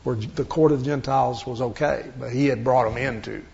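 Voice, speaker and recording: Bible teacher, male, gravelly and creaky, explains patiently, dull lo-fi recording. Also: mid-range voice, steady tone, brisk, a little mellow. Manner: explains step by step, asks rhetorical questions.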